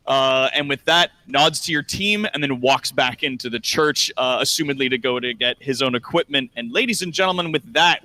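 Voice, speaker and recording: Male game master narrating a tabletop game, bright voice, relaxed, with many fillers. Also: medium pitch, normal speed.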